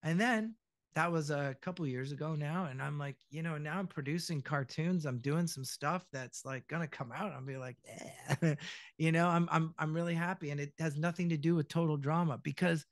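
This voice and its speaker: A man's voice: a little high, brisk, dry recording, clean studio sound. A middle-aged voice actor chatting as a podcast guest. He tells his stories with energy, acts out the quotes, and swears freely. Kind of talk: casual podcast chat.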